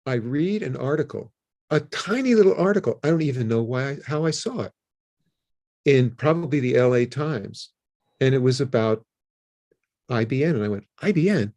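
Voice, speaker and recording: An older man, a guest in an interview, telling a story in a casual, animated way and acting out the phone calls in it. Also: medium pitch, moderate pace, pauses often. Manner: animated, acts out his own and others' phone calls.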